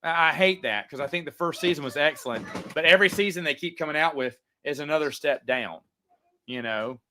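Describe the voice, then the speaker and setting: A man's voice: fairly high pitch, a little fast, pushed and bright, slight background noise. A man hosting a casual livestream, answering viewer chats in a rambling way with frequent stammers and restarts.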